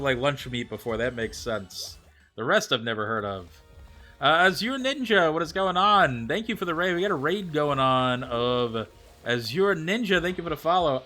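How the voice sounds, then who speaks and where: A bright, chatty male live streamer with a fairly high pitch talks casually with viewers while gaming. He thinks aloud and reads messages from chat out loud, then answers them.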